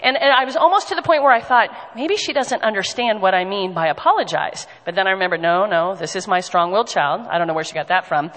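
A woman in her forties telling an animated family story to a congregation, laughing now and then. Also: medium pitch, fast, hardly any pauses, big-room sound, rough recording. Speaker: pastor's wife sharing a story.

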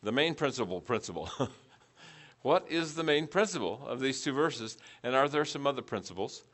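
A middle-aged man leads a church teaching session with a bright, clear voice at an ordinary pitch. He asks the group question after question and repeats their answers back to them. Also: expressive, moderate pace. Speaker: preaching class teacher. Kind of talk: interactive class teaching.

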